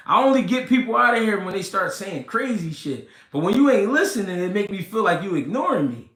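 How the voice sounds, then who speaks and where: Man, high lively voice, slow repeated points, echoey room. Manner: animated, repeats himself, swears, talks slow and deliberate. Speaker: livestream host reading comments. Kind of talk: casual livestream talk about boxing. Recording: roomy echo.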